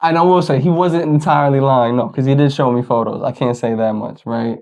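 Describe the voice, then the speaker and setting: A man's voice: medium pitch, fairly even intonation, fairly quick, a little mellow. A man from the United States, co-hosting a podcast, telling a rambling story in casual slang and asking "you know what I'm saying" again and again. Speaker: podcast co-host.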